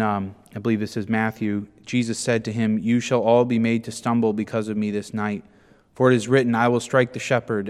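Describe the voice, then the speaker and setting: A man preaching a sermon as pastor, animated and acting out the speakers in the scripture passage. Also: lowish voice, smooth, long reverb tail.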